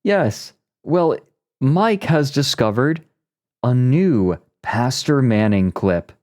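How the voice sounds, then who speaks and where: A male streamer chatting casually, joking, reacting out loud and reading aloud from a web page. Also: medium pitch, expressive, takes it slowly. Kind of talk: casual livestream chat. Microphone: streaming mic.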